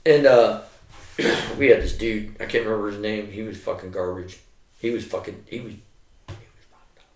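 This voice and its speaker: A man's voice: fairly low pitch, normal speed. An older man, a retired soldier, telling rambling, profane war stories in a casual chat. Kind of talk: casual storytelling. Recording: roomy, distant from the mic.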